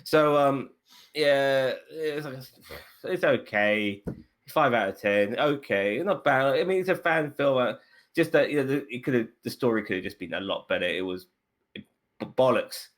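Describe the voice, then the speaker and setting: Co-host, male, mid-pitched, blunt, swears freely, casual review chat. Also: fairly bright tone.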